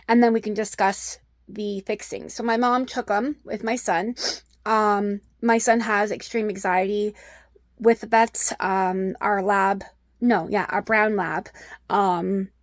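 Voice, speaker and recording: A woman's voice: mid-range voice, fairly even intonation, unhurried, no echo, clean studio sound. A middle-aged woman telling an upsetting personal story in a vlog, rambling with many ums. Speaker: vlogger.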